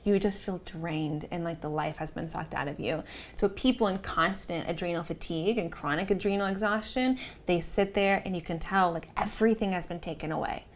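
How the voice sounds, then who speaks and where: Fast-talking Southern US woman. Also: fairly low pitch. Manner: chatty, acts out patients' voices. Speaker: medical practitioner co-host. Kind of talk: casual medical explainer chat.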